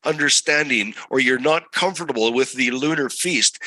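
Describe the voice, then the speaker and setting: A man's voice: medium pitch, normal speed, pushed and bright, no echo, low-quality recording. A man teaching a scripture study lesson as a Bible teacher, asking his listeners one rhetorical question after another.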